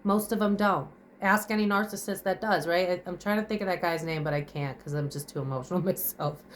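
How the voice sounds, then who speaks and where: A woman's voice: lowish voice, fairly quick, a little hiss or hum. A young woman in her kitchen at home, crying and out of breath as she vents bluntly to camera in a raw confessional monologue, swearing and firing off rhetorical questions. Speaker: vlogger.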